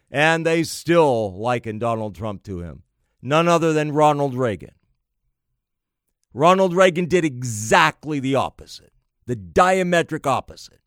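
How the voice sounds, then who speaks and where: A man delivering an emphatic political monologue, slow and deliberate, piling up phrase after phrase. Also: fairly high pitch, no room sound, studio quality. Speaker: political commentator.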